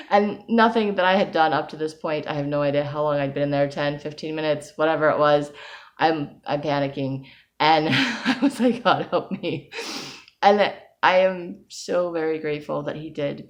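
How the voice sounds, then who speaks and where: Low-voiced woman telling a story. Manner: rambling, casual storytelling with fillers and quoted self-talk. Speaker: vlogger. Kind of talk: personal video diary.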